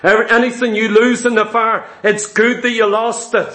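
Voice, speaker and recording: A man with a very high voice preaches a sermon in a church. His talk is full of rhetorical questions to the congregation, and the sound rings around an echoey room. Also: flat delivery, moderate pace, sharp tone.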